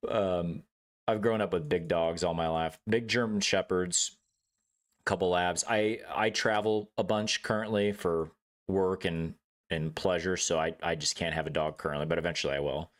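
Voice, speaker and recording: A young man with a voice sitting a little low chats casually while he games. His talk rambles and swears freely, and he laughs often and acts out loud outbursts. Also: steady tone, normal speed. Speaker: streamer. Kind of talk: casual chat while gaming.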